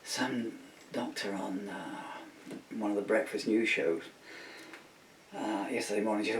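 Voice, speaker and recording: A man's voice: on the low side, measured pace, pauses often. A man from the UK, a singer-songwriter, rambling in a casual joking monologue at home. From United Kingdom. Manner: joking, chuckling, digressive. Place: home room. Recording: roomy, distant mic, faint hiss.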